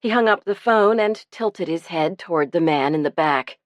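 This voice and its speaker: A woman narrating an audiobook in an expressive storytelling manner. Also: on the low side, normal speed, few pauses, dry recording. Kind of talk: scripted narration.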